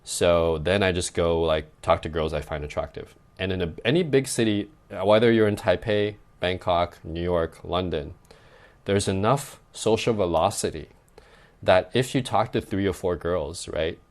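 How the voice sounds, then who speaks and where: A young adult man coaching dating speaks at normal speed in a low voice during a casual podcast. His advice talk is loose and conversational, with "like" used frequently and lines tagged with "right?".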